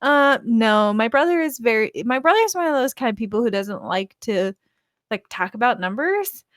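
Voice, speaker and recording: Casual chatty woman, thirties, higher pitch, dry close sound, giggly storyteller. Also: expressive, moderate pace, fairly bright tone, no echo. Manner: chatty, laughs often, rambling storyteller. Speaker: guest co-host. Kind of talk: casual chat on a live stream.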